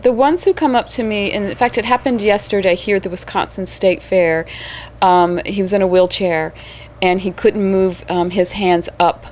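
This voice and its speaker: A woman's voice: mid-range voice, normal speed, a little mellow, a little hiss or hum. A woman who performs as a living statue, telling stories in a casual interview, with many fillers and restarts.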